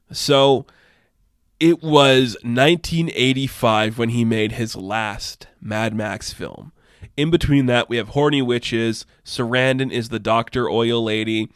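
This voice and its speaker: A man's voice: mid-range voice, clear, resonant tone, no room sound, studio quality. Rambling young man, casual film chat. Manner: rambling, animated, swears, many fillers. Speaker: podcast host.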